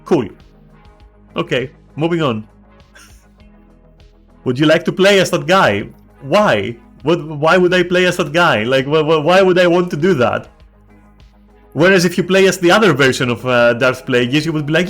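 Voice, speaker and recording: A man's voice: on the high side, animated, moderate pace, a bit bright, faint music behind. A man on a game stream, ranting in casual chat, swearing a lot and restarting his sentences.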